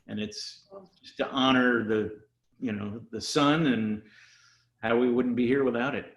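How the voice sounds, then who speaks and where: A relaxed, easygoing man talks about his winemaking in loose, unhurried stories. His voice sits in a mid range and carries the hollow ring of a reverberant room over a video call. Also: medium pitch. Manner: laid back, easygoing. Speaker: winery founder and guest. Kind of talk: casual video chat storytelling.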